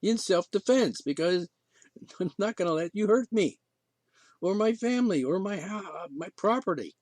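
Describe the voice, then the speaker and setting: A podcast host with a high, lively voice delivers an indignant ranting monologue that swings from sarcasm to exasperation. He rambles and restarts often at a normal speed, in a dry, close recording.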